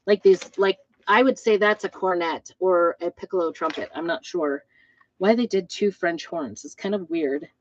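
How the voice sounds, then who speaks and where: Chatty and wandering, with lots of ums and asides, a woman presents new craft designs in a casual show-and-tell video. She says she plays trumpet and fusses over instrument specifics. Her mid-range voice comes through a dull, slightly lo-fi, dry recording with a little hiss or hum.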